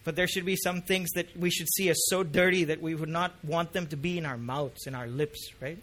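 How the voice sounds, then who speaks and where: Male pastor, middle-aged, high bright voice, chatty sermon with impassioned peaks. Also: fairly even intonation, brisk, a little hiss or hum. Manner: conversational preaching that rises to impassioned emphasis.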